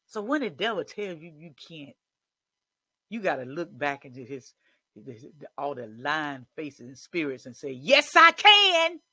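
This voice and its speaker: A man preaching a sermon, building from quiet reflection to shouted declarations. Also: on the high side, unhurried, husky, no echo.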